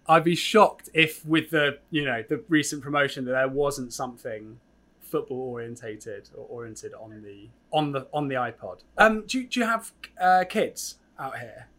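Bright-voiced rambling young English host. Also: male voice, medium pitch, normal speed. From England. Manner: rambling, hesitant questions with many restarts. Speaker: podcast co-host. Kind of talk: casual interview chat.

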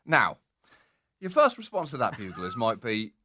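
A man co-hosting a satirical comedy chat, animated and laughing as he tells the story. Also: mid-range voice, normal speed, slight background noise. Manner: animated, laughs between lines, acts out phone calls. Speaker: comedy podcast co-host.

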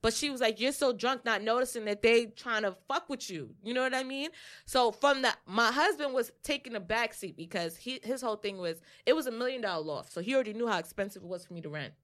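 A woman's voice: on the high side, fast talker. A young woman co-hosting a podcast, telling a personal story in casual, profane chat and acting out other people's lines. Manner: profane, animated, acts out quotes. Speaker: podcast co-host.

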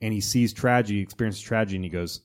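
A man hosting a casual podcast chat, lively and jumping into put-on voices when he quotes film scenes. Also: on the low side, fast. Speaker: podcast host.

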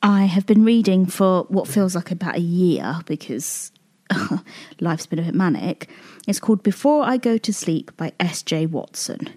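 A British woman hosts her own podcast, talking candidly on her own in an open, emotional, confessional way. Her voice is fairly low and dark in tone, expressive, and unhurried.

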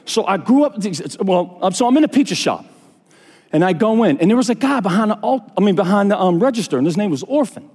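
A man preaching a sermon as pastor, telling stories with fervor that climbs to high, intense peaks. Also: fast talker, long reverb tail. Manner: animated storytelling preacher, rising to high fervent peaks.

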